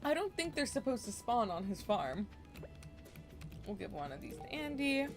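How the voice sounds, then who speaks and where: A woman giving casual, relaxed commentary while playing a farming video game, chatty and self-deprecating, with small muttered asides. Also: on the high side, normal speed, music in the background. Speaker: gaming streamer.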